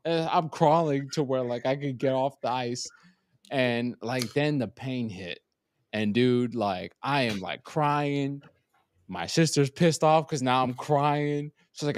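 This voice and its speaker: A man's voice: mid-range voice, measured pace, no room sound. A man tells stories in a loose, profane way, acting out the voices of the people he quotes. His recording is close and dry, with no room sound around it. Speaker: podcast co-host. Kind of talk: casual chat, storytelling.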